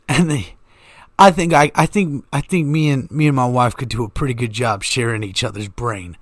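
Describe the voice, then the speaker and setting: A man's voice: mid-range voice, moderate pace, dry recording, studio quality. Rambling profane man. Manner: joking, profane, goes off on tangents. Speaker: podcast host. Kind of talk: rambling comedic monologue.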